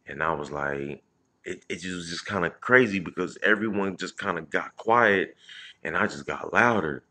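A man from Indiana casually telling a profane story on a live stream, full of restarts and shout-outs to viewers. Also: low voice. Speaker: comedian livestream host.

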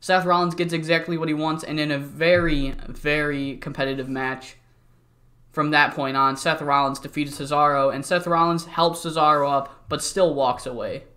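Young male let's-play host, bright, slightly high voice, loose jokey rambling. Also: steady tone, moderate pace. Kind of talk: casual game commentary.

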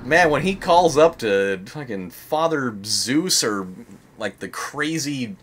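A man's voice: mid-range voice, expressive, takes it slowly, slight background noise. A young man hosting a let's-play, rambling and joking in casual commentary, swearing and saying "like" a lot. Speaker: gaming channel host.

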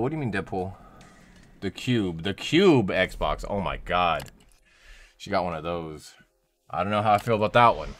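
A young man streaming a game in casual chat, swearing often, reading chat aloud and yelling at teammates while sore from a hurt leg. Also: sits low. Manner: profane, chatty, reads chat aloud and shouts at teammates.

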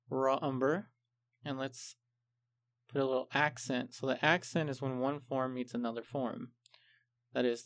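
A man talks through a painting tutorial at a slow, patient pace, his voice carrying a gravelly edge. He explains each step calmly and methodically. The recording is close and dry, with no room sound. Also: medium pitch, no echo. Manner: calm, unhurried step-by-step explaining. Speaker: art instructor.

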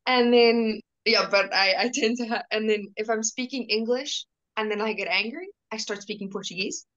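Lively chatty woman, a bit high. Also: normal speed, lo-fi sound. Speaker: guest. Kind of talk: casual conversation.

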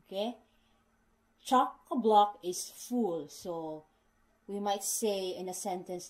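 Slow, mellow-voiced woman explaining slang. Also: on the low side, rough recording. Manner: unhurried, repeats explanations, addresses viewers as guys; non-native English phrasing. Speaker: vlogger teaching British slang. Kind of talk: casual spoken explainer.

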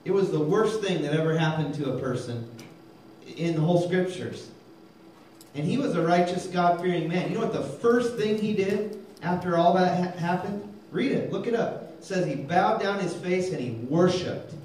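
A man preaching a lively sermon, calling for amens and telling jokes, recorded in a church hall. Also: sits high, moderate pace, a little hiss or hum. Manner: energetic, calls for amens, tells jokes. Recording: very echoey hall, mic far off.

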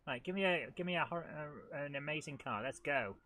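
Speaking a little fast, the middle-aged host of a retro gaming channel jokes about himself and chats with the game during a live let's-play. His voice sits on the high side, expressive, bright, and forceful.

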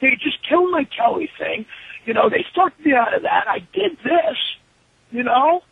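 A man tells stories over a tinny phone line in a very high, gravelly voice. He is profane and animated, and he acts out everyone's lines himself. His voice is raspy and the sound is dry. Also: moderate pace, slight background noise. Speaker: wrestler being interviewed. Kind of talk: profane storytelling interview. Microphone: telephone.

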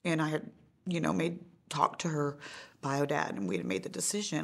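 A middle-aged woman telling the story of her daughter's death in a documentary interview, halting with many fillers. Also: low voice, steady tone, creaky. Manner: halting, many fillers, voice rising and breaking in grief. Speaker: bereaved mother interviewee.

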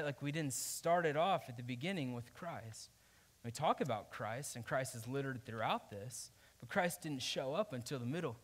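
A man preaching a conversational sermon, often checking in with "right?" and swinging between loud emphasis and quiet asides. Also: a little high. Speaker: pastor.

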